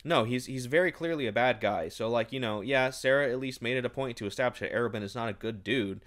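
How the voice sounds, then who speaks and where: A man's voice: medium pitch, fast, a bit bright. A man recapping a novel in a casual, sarcastic and exasperated rant. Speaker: book reviewer.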